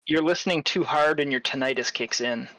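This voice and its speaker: A man narrating as game master of a tabletop role-playing game, with lively, descriptive storytelling. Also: fairly high pitch, brisk, no room sound, low-quality recording.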